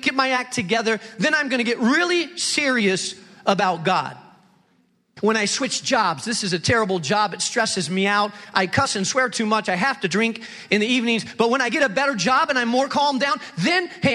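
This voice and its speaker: Impassioned high-voiced male preacher. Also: sharp tone. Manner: impassioned preaching, acting out excuses in quick bursts. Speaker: pastor. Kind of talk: sermon. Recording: large hall reverb.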